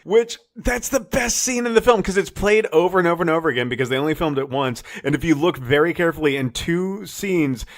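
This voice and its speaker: Laid back podcast dude, agrees a lot then goes on long explanations. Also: male voice, a little high, expressive, brisk, few pauses. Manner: easygoing, agreeable, explains at length. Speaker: podcast co-host. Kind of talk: casual chat.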